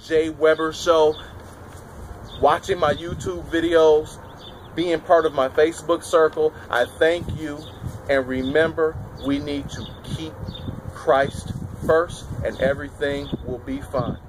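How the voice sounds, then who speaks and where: A man's voice: on the high side, fairly even intonation, slow pace, a crowd in the background, low-quality recording. A man giving opinionated political commentary outdoors, talking emphatically and leaning on repeated phrases. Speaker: political vlogger. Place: outdoors in a city, windy. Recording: wind and traffic noise outdoors.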